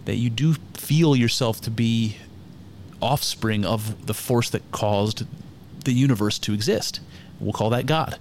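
A man's voice: mid-range voice, measured pace, a little mellow, slight background noise. Frank, irreverent man talking casually. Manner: irreverent, frank and conversational, swears freely; thinks aloud with frequent fillers. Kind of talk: casual spoken commentary on scripture.

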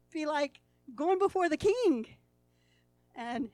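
A woman preaching a sermon in a folksy, storytelling way, laughing at times, acting out the people in the story and swinging between hushed and loud passages. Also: sits high, lively intonation, slow pace, long pauses, no echo.

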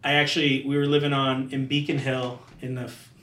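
A man of middle pitch tells his story loosely, scattering "like" fillers as a chef guest. His voice sits back from the mic in a roomy space, with faint background noise. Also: flat delivery, a little fast, fairly bright tone, recorded from a distance. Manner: loose, rambling, many "like" fillers. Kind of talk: casual storytelling.

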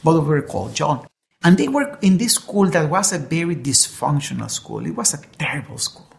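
A preacher delivering a sermon, weaving a story into the message. The voice is gravelly with a touch of fry, and the delivery is earnest, with frequent restarts as words are sought. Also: mid-range voice, big pitch swings, fairly quick. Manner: earnest, repeats words while searching for them.

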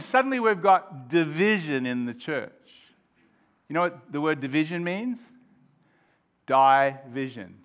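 A man in his fifties preaching a sermon as pastor, shifting from quiet reflection to loud, emphatic exclamations. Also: on the high side, lively intonation, a little slow, pauses often.

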